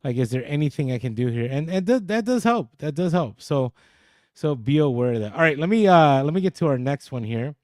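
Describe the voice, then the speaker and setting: A man co-hosts a relaxed podcast, reading comments from the chat and laughing easily. His voice is mellow and low in brightness, and it sits close to a dry studio mic. He gets animated when something catches his interest. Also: fairly quick, dry recording. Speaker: podcast co-host. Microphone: podcast studio mic, too close at times.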